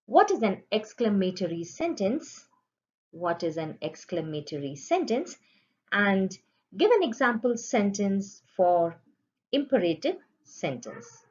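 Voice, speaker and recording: A woman's voice: medium pitch, big pitch swings, slow, darkish tone. A woman teacher giving an online grammar lesson to children, in a patient, sing-song teaching voice. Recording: dull lo-fi sound.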